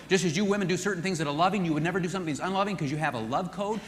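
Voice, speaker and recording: Speaking very fast in a fairly high, animated voice, a man leads a marriage seminar and acts out what spouses say. A long reverb from a large hall surrounds him, along with a little hiss or hum.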